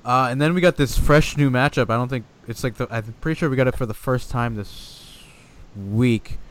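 A man co-hosting a casual podcast in a lively, exasperated way. He swears freely and builds his rants up to sharp peaks of disbelief. He sits at a middle pitch for a man. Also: normal speed. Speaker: podcast co-host. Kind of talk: casual wrestling podcast chat.

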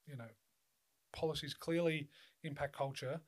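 A man's voice: fairly high pitch, steady tone, normal speed. A man in casual podcast chat, swearing a lot and talking emphatically with many restarts.

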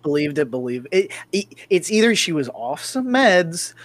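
Easygoing man with a slightly high voice. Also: very animated, normal speed, no echo. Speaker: podcast co-host. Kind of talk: casual chat.

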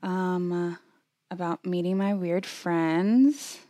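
A woman's voice: fairly low pitch, fairly even intonation, slow pace, warm tone, no echo. A young woman co-hosting a podcast, telling stories in casual chat with fillers and lots of swearing. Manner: swears a lot, storytelling with fillers. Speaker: podcast co-host.

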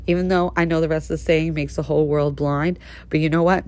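A woman in her thirties hosting a podcast, telling a story in a sassy, petty and animated way. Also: low voice, fast, dry recording. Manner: sassy, petty, animated storyteller who calls listeners honey. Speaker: podcast host. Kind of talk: casual storytelling monologue.

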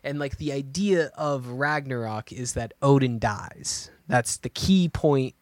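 A man co-hosts a podcast in a mid-range, slightly mellow voice at a measured pace, chatting casually and thinking aloud with plenty of restarts. The recording is dry with clean studio sound.

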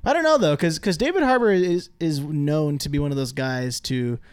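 Casting: man, podcast co-host, slightly high voice, animated and jokey, dry close mic. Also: normal speed, smooth, dry recording. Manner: animated, jokey, acts out quotes loudly. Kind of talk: casual movie-review chat.

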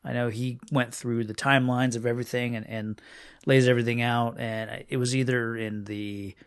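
A man talks casually and hesitantly, groping for details as he goes. His voice is mid-pitched and sounds dry and close. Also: flat delivery, normal speed, smooth, no echo. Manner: hesitant, searching for words. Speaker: podcast co-host. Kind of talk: casual discussion.

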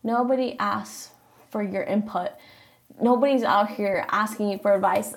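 A young woman whose first language is Spanish vents in a casual vlog rant, blunt, exasperated and quick to swear. Her mid-range voice drops into a gravelly fry at the ends of phrases. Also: mid-range voice. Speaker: vlogger.

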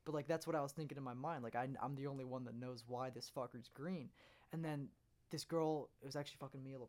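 A young man co-hosting a casual chat, telling a story in an animated, swearing, laughing way. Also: medium pitch, fast.

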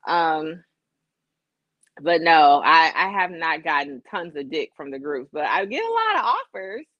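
A woman's voice: sits low, big pitch swings, measured pace, fairly bright tone, no echo, muffled recording. A woman co-hosting a podcast, chatting casually in a candid, self-deprecating way. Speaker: podcast co-host. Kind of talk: casual chat.

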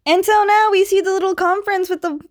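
A woman casually recapping a comic book story, chatty and quick with asides, filling her retelling with "like". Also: extremely high pitch, steady tone, no room sound, studio quality.

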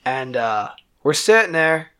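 A man, a band musician, telling a wild story in casual, profane talk, acting out the quotes loudly. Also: on the high side, big pitch swings, a little slow, smooth.

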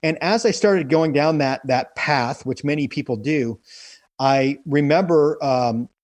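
A man's voice: a little high, measured pace, a little mellow, dry recording. A middle-aged man telling an earnest personal story, often repeating words as he gathers himself. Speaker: guest telling his story.

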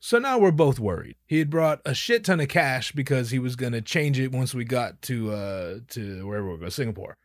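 A man telling a personal anecdote in an animated, profane, emphatic way. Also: medium pitch, brisk, few pauses, dry recording, studio quality. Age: young adult. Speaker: storyteller.

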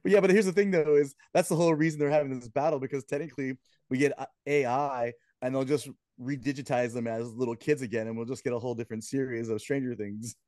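A podcast co-host in casual chat who laughs easily and reacts quickly. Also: medium pitch, fairly even intonation, a little mellow, no echo, studio quality.

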